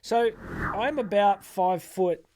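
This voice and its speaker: A middle-aged man delivers an energetic motivational talk straight to camera. His voice sits a little high for a man, and he slips into quick acted-out voices of doubting people. He often repeats words as he restarts his sentences. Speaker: motivational speaker.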